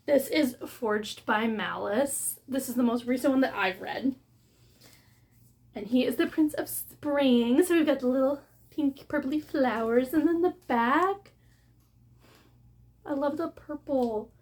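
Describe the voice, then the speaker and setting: A woman vlogging a casual book haul unboxing, gushing and excitable as she shows off her books. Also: high voice. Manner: gushing and excitable, with gasps of delight.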